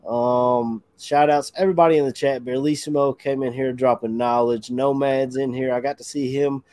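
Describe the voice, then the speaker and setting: Relaxed, chuckling man. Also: medium pitch, normal speed, no echo. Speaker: podcast co-host. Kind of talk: casual sports podcast chat.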